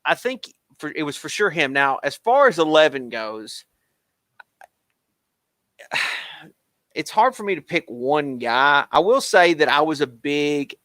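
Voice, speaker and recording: A man co-hosting a casual sports chat, rambling and excitable, with lots of fillers. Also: on the high side, takes it slowly, pauses often, no echo. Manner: rambling, excitable fan talk with many fillers. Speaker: podcast co-host.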